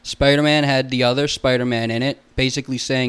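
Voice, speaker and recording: A man's voice: mid-range voice, steady tone, brisk, hardly any pauses, a bit bright, smooth. A young man hosting a solo podcast alone in a room, goofy and self-mocking, rambling and swearing a lot.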